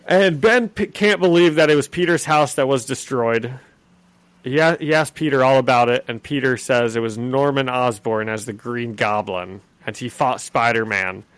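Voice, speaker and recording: A man's voice: medium pitch, normal speed, a bit bright, dry recording. A man co-hosting a podcast, recapping a comic in casual chat, often laughing and slipping into character voices. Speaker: podcast co-host.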